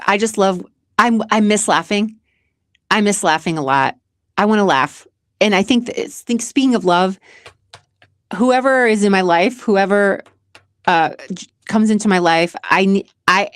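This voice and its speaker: A woman's voice: mid-range voice, no echo, studio quality. A woman from Massachusetts hosting a casual vlog, answering questions in a chatty, emotional way, laughing often and restarting her sentences. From Massachusetts, USA. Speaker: show host and community founder.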